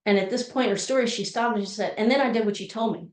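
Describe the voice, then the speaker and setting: A woman's voice: mid-range voice, rapid-fire. A woman giving a motivational talk as a personal story, speaking expressively and acting out the voices she quotes. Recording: roomy echo.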